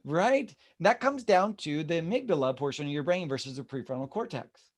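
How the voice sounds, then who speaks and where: A man's voice: a little high, moderate pace. A man leading a real estate team meeting, talking animatedly and acting out the people he quotes. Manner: animated, acts out quoted voices.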